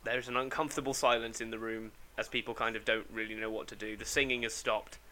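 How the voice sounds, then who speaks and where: A man's voice: on the low side, little pitch movement, fast, bright, forceful tone. A man narrating as game master on a tabletop role-play podcast, laughing often and swearing casually.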